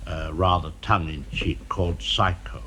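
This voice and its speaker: A man being interviewed in an archival television conversation, speaking in a measured, dryly witty way, pausing often with "uh". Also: low voice, fairly even intonation, sharp tone, slight background noise. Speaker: film director being interviewed.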